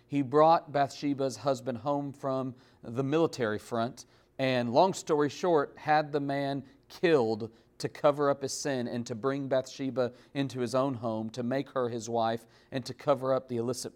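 A man's voice: mid-range voice, fairly even intonation, normal speed, darkish tone. A man preaching a sermon, emphatic, with big swings in volume and pace as he builds and drops his points. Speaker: pastor.

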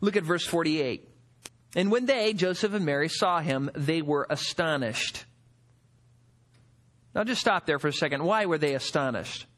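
Animated high-voiced male preacher. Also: moderate pace, long pauses. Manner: expressive preaching, acts out quotes, rhetorical questions. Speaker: pastor. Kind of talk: sermon.

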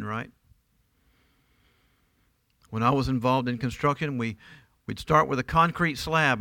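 A man's voice: a little high, gravelly, pushed and bright, no echo. A middle-aged man preaching a sermon in church, emphatic and often asking his listeners rhetorical questions. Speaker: pastor.

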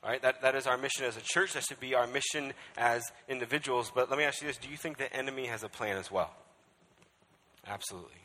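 A man's voice: mid-range voice, fast talker, pushed and bright. A male pastor preaching a sermon with emphasis, often checking in with the crowd by asking "right?". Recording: echoey hall.

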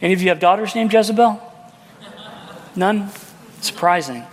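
High-pitched guy preaching, dramatic storytelling, lots of rhetorical questions, long echoey church reverb. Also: moderate pace, a little hiss or hum. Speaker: pastor. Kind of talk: sermon.

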